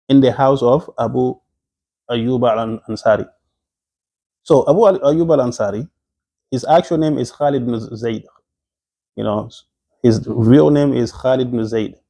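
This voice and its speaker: Mellow-voiced man giving a religious lecture. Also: medium pitch. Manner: conversational, repeats and restarts phrases, frequent exclamations; slips into quoted Arabic phrases. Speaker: Islamic teacher. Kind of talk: recorded Islamic history lecture.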